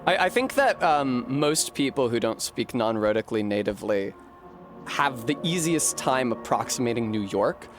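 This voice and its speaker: A young adult man from Rhode Island who rambles as he streams a game, swearing freely and laughing often. His voice sits at a middling pitch. Clear game music plays behind him. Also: lively intonation, moderate pace. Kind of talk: casual chat while gaming.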